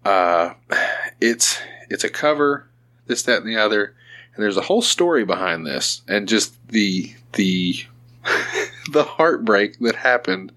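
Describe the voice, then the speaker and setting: A man hosting a podcast, talking casually in an animated, profane way. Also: on the low side, a little slow.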